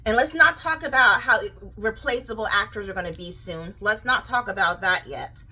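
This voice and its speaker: A young woman with a childlike, girlish way of talking, ranting casually to camera in a rambling, animated way full of fillers and restarts. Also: medium pitch, moderate pace, breathy edge, poor audio. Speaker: vlogger.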